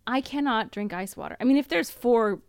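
A woman's voice: a little high, a little fast, clear, resonant tone, no echo, clean studio sound. A middle-aged woman from the United States co-hosting a podcast in casual chat, emphatic and teasing, acting out little scenes. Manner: animated, acts out little scenes. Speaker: podcast co-host.

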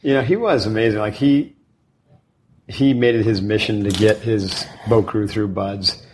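A man's voice: on the low side, a little slow, darkish tone, a little hiss or hum, low-quality recording. A man hosting an interview in a chatty, affirming way. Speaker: host. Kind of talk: casual interview.

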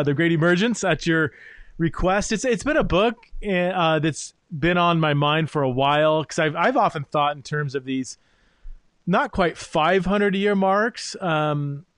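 A man's voice: fairly high pitch, no room sound, studio quality. A man hosting an interview podcast, laying out his thoughts in a reflective way with frequent fillers. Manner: thoughtful, many fillers and restarts. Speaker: podcast host. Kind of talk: interview conversation.

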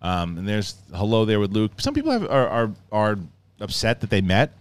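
A middle-aged man giving a casual, rambling review of a show, often acting out scenes in quick mock voices. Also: on the low side, sing-song, no room sound.

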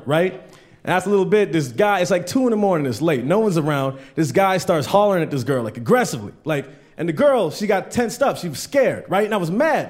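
A man doing a stand-up comedy set, telling loose stories with lots of swearing and acted-out voices of friends. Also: fairly high pitch. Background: audience laughter.

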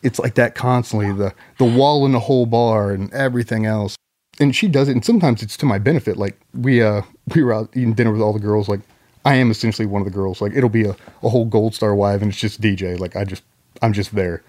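A man's voice: on the low side, fast talker, darkish tone. A man, a former Navy SEAL guest on a podcast, telling a long story in a rambling, profane, casual way.

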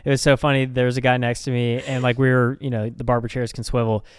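A man's voice: mid-range voice, flat delivery, quick pace, clear, resonant tone, no room sound, clean studio sound. A young man co-hosting a podcast, chatting in a laid-back, joking way. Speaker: podcast co-host. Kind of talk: casual chat.

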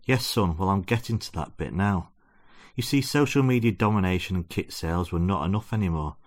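A man's voice: low-pitched, fairly quick, close to an everyday voice. A man reading aloud as a pompous, self-deluding football-obsessed father lecturing his son. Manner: preachy, lecturing.

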